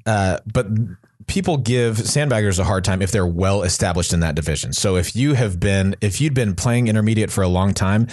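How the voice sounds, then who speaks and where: A man's voice: on the low side, fairly quick, darkish tone, no room sound, studio quality. A man co-hosting a podcast, answering listener questions in a rambling casual chat with many restarts. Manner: rambling, with frequent restarts and fillers. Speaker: podcast co-host.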